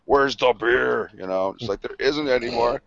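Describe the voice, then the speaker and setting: A man's voice: medium pitch, moderate pace, creaky, a bit bright. A man co-hosting a casual podcast, telling rowdy convention stories full of swearing and laughter, acting out what others said. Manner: profane, laughing, acts out quoted voices. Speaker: podcast co-host. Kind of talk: casual storytelling chat. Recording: dull lo-fi sound, dry.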